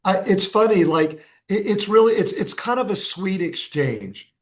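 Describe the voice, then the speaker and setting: A man's voice: sits high, moderate pace. A man, a designer and entrepreneur, telling stories as a podcast guest, acting out dialogue with many restarts. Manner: animated storyteller, acts out dialogue, many restarts. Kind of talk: casual podcast interview.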